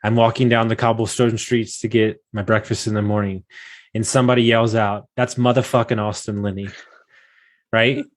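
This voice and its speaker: A man's voice: fairly low pitch, flat delivery, fairly quick. A man hosting a casual podcast, talking eagerly in a slangy, storytelling way. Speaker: podcast host.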